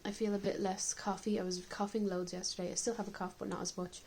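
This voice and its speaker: A woman's voice: mid-range voice, little pitch movement, fast talker, a little mellow, slight background noise, poor audio. Woman vlogger, candid and chatty, home video diary, the odd cough. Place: indoors at home.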